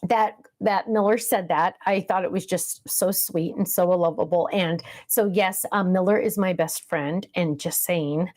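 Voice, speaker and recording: A woman's voice: fairly low pitch, fairly even intonation, a little slow, few pauses, a little mellow. Woman in her fifties, craft livestream host, casual chat, rambling, sidetracked, lots of ums. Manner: rambling, easily sidetracked, many fillers.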